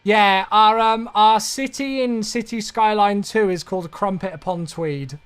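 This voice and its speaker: A man's voice: sits high, unhurried, fairly bright tone, clean tone. A man streaming a flight simulator, chatting in an easygoing way and answering viewers' questions aloud, a bit sleepy and yawning. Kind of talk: casual live-stream chat.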